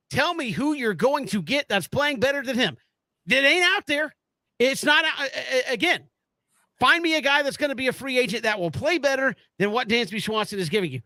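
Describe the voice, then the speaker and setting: Bright, high-voiced sports talk man. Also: dry recording. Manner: animated, stumbles and restarts when fired up. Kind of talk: casual sports radio chat.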